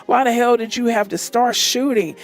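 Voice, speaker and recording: A woman narrator voicing a calm, arrogant man who speaks soothingly to an angry partner. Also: fairly high pitch, normal speed, soft background music, pitched above the performer's own voice, close to an everyday voice.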